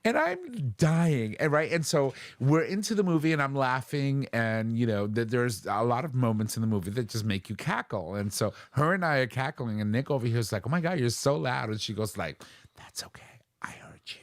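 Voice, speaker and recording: A man chatting on a podcast with a very lively, swooping pitch and a bright way of acting out the people in his stories. The sound is close and dry, with no room behind him. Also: brisk, hardly any pauses, no room sound. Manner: animated storyteller, quoting others in lively voices. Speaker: podcast host. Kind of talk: casual chat.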